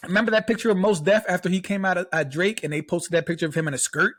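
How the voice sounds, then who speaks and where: A young man co-hosting a casual podcast chat, talking in an animated way that jumps up in pitch when he gets worked up. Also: fast, few pauses. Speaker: podcast co-host.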